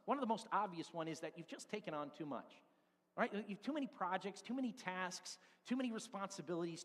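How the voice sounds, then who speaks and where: A man in his forties preaching a sermon as pastor in a church, animated, acting out his points and sometimes shouting. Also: sits high. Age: 40s. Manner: animated, acts out stress with props and shouts. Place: church sanctuary. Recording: long hall reverb.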